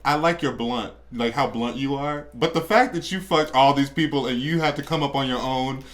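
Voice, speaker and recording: A man's voice: mid-range voice, normal speed. A man co-hosting a podcast, dishing celebrity gossip in a blunt, sassy and crude way. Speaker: podcast co-host. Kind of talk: casual gossip chat.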